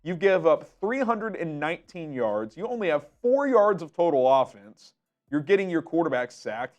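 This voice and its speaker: A man hosting a sports show, ranting with frustration and emphasis, stumbling over repeated words, his voice wearing thin. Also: high voice. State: losing his voice.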